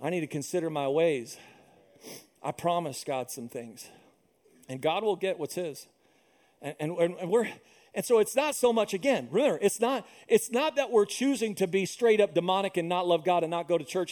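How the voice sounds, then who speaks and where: High-voiced animated male pastor. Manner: animated storytelling, acts out voices. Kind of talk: sermon.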